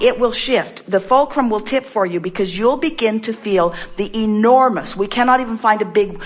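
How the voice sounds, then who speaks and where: A woman giving an inspirational seminar talk, emphatic and playful, repeating her questions to the audience. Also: mid-range voice. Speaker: inspirational speaker.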